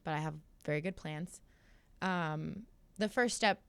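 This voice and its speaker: Candid young woman, smooth low voice. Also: a little slow, dry recording. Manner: candid, animated storytelling, acts out quotes. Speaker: guest fighter. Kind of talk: casual interview chat. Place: studio.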